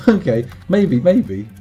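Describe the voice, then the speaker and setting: A man's voice: on the high side, warm tone, highs cut off. Rambling man streaming a game. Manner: rambling, wry and self-mocking. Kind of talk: casual live-stream chat while gaming.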